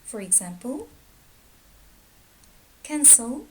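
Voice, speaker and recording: A woman teaching a grammar lesson, reading out word pairs slowly and deliberately. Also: fairly high pitch, very animated, a little mellow, a little hiss or hum, low-quality recording. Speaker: English teacher.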